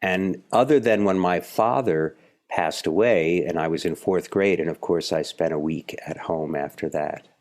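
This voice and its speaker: A man in his seventies from Philadelphia, a guest actor telling animated stories in an interview. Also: low voice, moderate pace. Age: 70s. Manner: animated storyteller, acts out the people in his stories. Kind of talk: relaxed interview storytelling.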